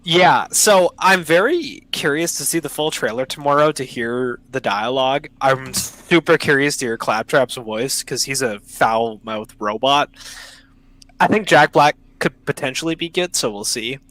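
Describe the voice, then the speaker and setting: On a rough-sounding online call, a young podcast host chats casually at a measured pace in a mid-range, somewhat bright voice. His delivery is eager and full of slang, and he often breaks off his own sentences.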